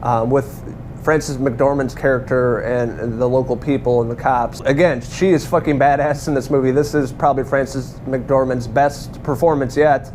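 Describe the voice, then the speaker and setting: A man's voice: mid-range voice, steady tone, normal speed, a little mellow, slight background noise. A man giving a casual, rambling movie review, swearing freely and laughing now and then. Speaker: film reviewer.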